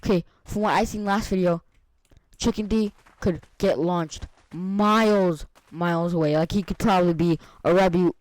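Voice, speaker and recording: A man playing a video game and commenting on it, excitable and frantic, often shouting out in bursts and talking to himself in casual slang. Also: high voice, no room sound. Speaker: gaming video creator.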